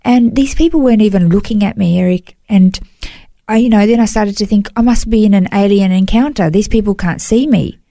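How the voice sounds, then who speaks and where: Warm woman telling her story. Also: mid-range voice, brisk, dry recording. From Australia. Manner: earnest, emotional storytelling with frequent "you know". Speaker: interview guest. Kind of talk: personal testimony in an interview.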